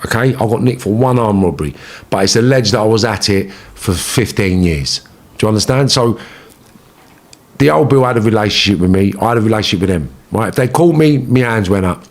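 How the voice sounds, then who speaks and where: A man's voice: medium pitch, vocal fry. A man with a London accent, a guest telling his story in an interview, blunt and full of swearing and street slang. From England.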